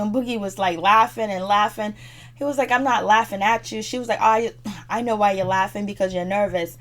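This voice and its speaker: Woman, casual recap, slangy, chatty, laughs a lot, mid-pitched voice. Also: fairly even intonation, fairly quick. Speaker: show reviewer.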